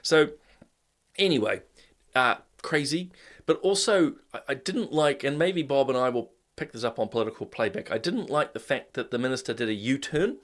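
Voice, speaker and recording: A man's voice: mid-range voice, expressive, normal speed, fairly bright tone. A man with a New Zealand accent hosting a live show, greeting viewers by name and giving opinions in a loose, conversational way with lots of "uh" and "look". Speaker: host. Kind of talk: casual live-stream commentary.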